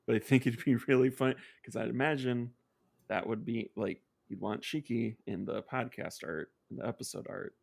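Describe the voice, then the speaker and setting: Guy with a gravelly fry voice, sarcastic and rambly, casual podcast chat. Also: mid-range voice, normal speed, darkish tone. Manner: sarcastic, rambling, self-interrupting. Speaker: podcast guest.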